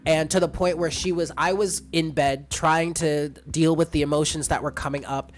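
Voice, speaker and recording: A woman's voice: sits low, fairly even intonation, normal speed. A woman tarot reader in a casual live stream, chatting and rambling as she answers viewers by name. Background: faint lo-fi music.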